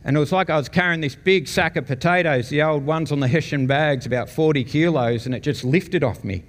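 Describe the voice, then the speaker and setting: In a church meeting hall with long reverb, an Australian man gives his testimony as a guest speaker. His voice is slightly high and a bit fast, and he tells his story casually to the congregation, frequently chuckling.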